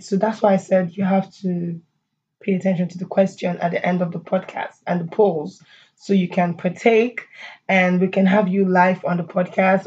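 A woman's voice: fairly low pitch, darkish tone, slight background noise. Chatty woman podcast host, lo-fi. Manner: chatty, laughs often, many fillers and asides. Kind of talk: casual solo podcast chat.

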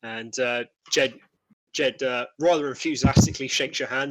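A man narrating a tabletop game as game master, chatty and halting. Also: mid-range voice, fairly even intonation, fairly bright tone, rough recording. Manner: chatty, with frequent fillers and restarts.

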